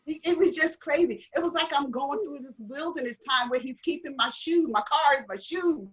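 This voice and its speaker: A woman guest telling her story in a casual faith conversation, lively and often laughing. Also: high-pitched, normal speed. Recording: dull lo-fi audio.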